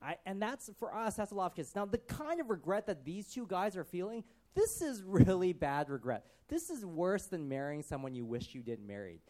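A man preaching, reading scripture and retelling it in casual commentary with acted-out voices, swinging from loud to hushed. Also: sits high, very animated, moderate pace, hardly any pauses. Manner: acts out quotes in varied voices, conversational asides. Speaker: pastor.

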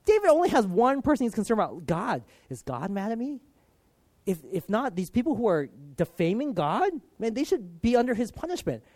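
A man preaching in a relaxed, conversational way, his voice sitting a little high for a man. He talks earnestly with lots of casual filler, pushing some lines out loud and dropping others to a hush. The sound is close and dry, with no room echo. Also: fairly quick.

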